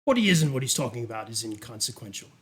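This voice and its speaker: Ein Mann spielt einen bedrohlich schnurrenden Herzog. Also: male voice, medium pitch, very animated, voice pushed down. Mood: coolly menacing. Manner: soft, slow, menacing purr. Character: sinister old male duke, cruel and toying.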